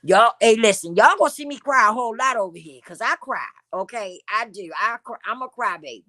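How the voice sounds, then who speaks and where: Bright-voiced emotional woman talking candidly. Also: a little high, animated, a little fast. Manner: emotional, candid, repeats phrases for emphasis. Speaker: channel host. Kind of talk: heartfelt personal vlog talk.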